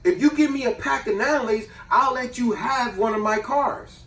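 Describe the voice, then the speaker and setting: A man's voice: very high voice, moderate pace, fairly bright tone, pitched above the performer's own voice. A man voicing a scheming, greedy little boy who whines and wheedles for candy. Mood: wheedling. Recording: roomy echo, distant mic.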